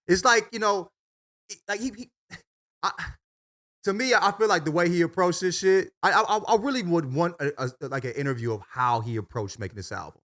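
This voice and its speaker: Co-hosting a podcast, a man chats casually and animatedly, swearing plenty and padding with filler. His voice is high-pitched, bright and forceful, and he talks fast.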